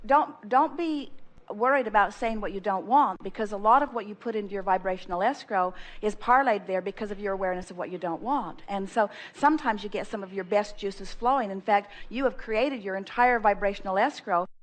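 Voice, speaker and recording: A woman's voice: mid-range voice, brisk. A woman giving an inspirational seminar talk, speaking of herself as "we", emphatic and acting out first-person affirmations with rising energy.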